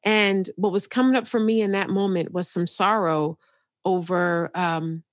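A woman's voice: mid-range voice, dry recording. Candid woman telling a story, dry close sound. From New York, United States. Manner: animated, candid storyteller who laughs easily. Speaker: psychotherapist guest. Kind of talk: personal storytelling in a podcast interview.

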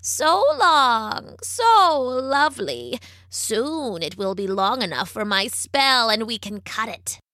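A woman's voice: on the high side, very animated, slow, sharp tone, dry recording, studio quality, full character voice. A woman voicing an old, bent-backed witch in a storybook reading, speaking in a cooing, sing-song way.

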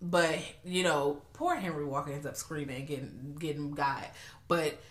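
A woman co-hosting a casual movie recap chat, animated, swearing freely and jumping high for quoted reactions. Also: moderate pace. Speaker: podcast co-host.

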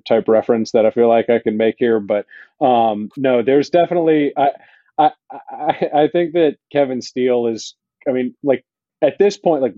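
A man co-hosting a casual sports podcast, talking haltingly with many fillers. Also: mid-range voice, no echo, narrow, tinny audio. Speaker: podcast co-host.

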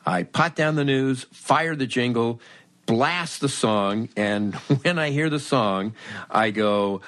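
A man's voice: medium pitch, takes it slowly, fairly bright tone, no echo. A middle-aged man hosting a podcast, telling a wry story about himself and acting out both sides of the conversation. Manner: wry, self-mocking. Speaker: podcast host. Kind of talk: storytelling monologue.

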